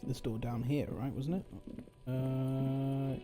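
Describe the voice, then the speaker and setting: A man's voice: mid-range voice, level tone, slow pace, dark tone, soft background music. Rambling male streamer thinking aloud. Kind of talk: casual game commentary.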